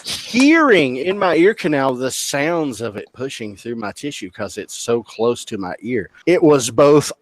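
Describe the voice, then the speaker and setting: A man's voice: mid-range voice, big pitch swings, a little slow. A man guest on a podcast, casually telling a hospital story, swearing freely, joking at his own expense and stumbling over restarts. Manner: profane, self-mocking, stammers on restarts.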